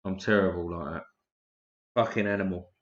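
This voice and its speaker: A man's voice: sits low, steady tone, normal speed. A man hosting a casual live stream, chatting loosely and swearing freely while tired and yawning. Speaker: livestream host. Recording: roomy, dull lo-fi stream audio.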